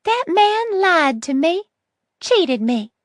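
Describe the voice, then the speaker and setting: A woman reading an audiobook, voicing a sugary-sweet but spiteful old woman in a high, honeyed voice that turns harsh. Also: lively intonation, measured pace, no echo, studio quality. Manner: syrupy sweet turning harsh and hissing.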